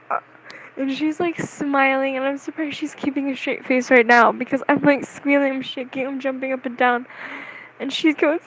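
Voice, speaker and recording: A woman vlogger telling a story in a casual, rambling, excitable way, often mocking herself. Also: high-pitched, moderate pace, a little hiss or hum, poor audio.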